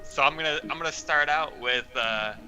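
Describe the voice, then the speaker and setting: A man's voice: a little high, normal speed, pushed and bright, soft background music. A young man playing a tabletop game, joking and laughing, swearing casually. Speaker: player.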